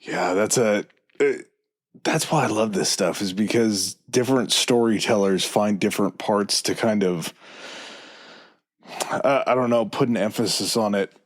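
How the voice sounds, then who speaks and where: A man co-hosting a podcast who tells his version of a myth in a slow, measured way and throws in dry jokes. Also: fairly low pitch. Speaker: podcast co-host. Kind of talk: casual storytelling chat.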